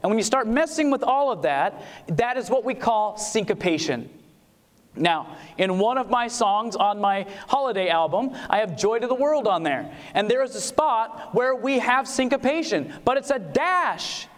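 A man's voice: high-pitched, expressive, moderate pace. A man giving an emphatic preaching lecture on music, asking his audience questions and singing short examples. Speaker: Christian music seminar speaker. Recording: long hall reverb.

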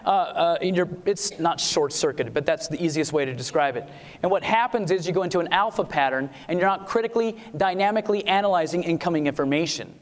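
A man's voice: a little high, fast talker. A man giving an emphatic preaching lecture on music, asking his audience questions and singing short examples. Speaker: Christian music seminar speaker. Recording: long hall reverb.

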